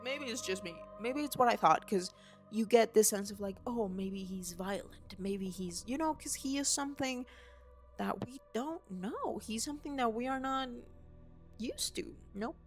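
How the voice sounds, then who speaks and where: A young woman vlogging at home, rambling excitedly and swearing casually about a film while waving a handheld mic. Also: on the high side, moderate pace, soft background music. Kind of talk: unscripted excited movie rant. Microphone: handheld mic waved around.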